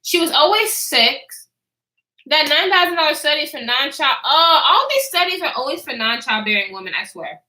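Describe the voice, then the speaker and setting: Blunt, high-voiced woman vlogger. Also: expressive, a little fast, pushed and bright. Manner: blunt, profane and chatty, answering chat as she talks. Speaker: vlogger telling a story to live chat. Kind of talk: casual storytime chat. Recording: echoey room.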